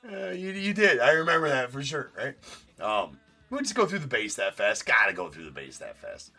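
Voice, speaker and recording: Joking card break host, bright voice. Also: male voice, medium pitch, very animated, moderate pace, faint music behind. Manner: casual, joking, swears offhand. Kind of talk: live-stream card break commentary.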